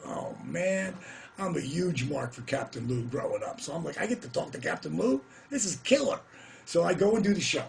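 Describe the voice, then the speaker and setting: A middle-aged man spins a casual, animated yarn straight to camera. His voice has a gravelly edge at a middling pitch, and a faint hiss of noise sits under the recording. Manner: animated, whooping, drops into quoted voices. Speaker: vlogger telling a story. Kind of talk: casual storytelling.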